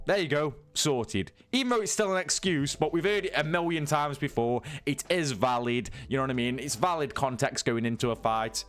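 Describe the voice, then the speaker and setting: A man's voice: mid-range voice, moderate pace, hardly any pauses, soft background music. A man giving a casual, incredulous and sweary rant as a sports news YouTuber.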